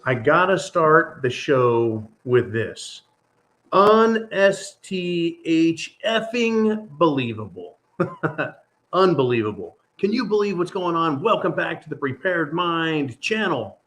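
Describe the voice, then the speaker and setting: A man's voice: fairly high pitch, lively intonation, measured pace, hardly any pauses, fairly bright tone. A man hosting his own channel, talking through a casual, rambling monologue in an exasperated, sarcastic way. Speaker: channel host.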